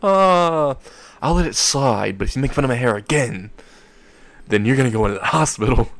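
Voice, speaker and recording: A man's voice: medium pitch, expressive, moderate pace, fairly bright tone, no echo. A man voicing a touchy teenage brawler with a pompadour, defensive and threatening. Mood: curious.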